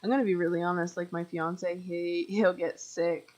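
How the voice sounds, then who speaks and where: A woman's voice: on the low side, level tone, moderate pace, a little mellow, low-quality recording. A young woman live streaming a game, rambling chattily with lots of fillers and talking straight to her viewers. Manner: talks to chat viewers directly. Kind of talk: casual chat while playing.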